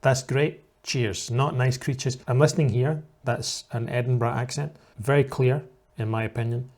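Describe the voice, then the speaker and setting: A man's voice: medium pitch, fairly even intonation, moderate pace, darkish tone. A man in the role of an English teacher, giving reaction commentary for learners in a patient, explanatory way.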